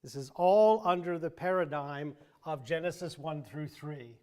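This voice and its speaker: A man's voice: a little high, measured pace, warm tone, clear, resonant tone. A man teaching a Bible class in a conversational way, thinking aloud with many restarts and dry asides. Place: church classroom.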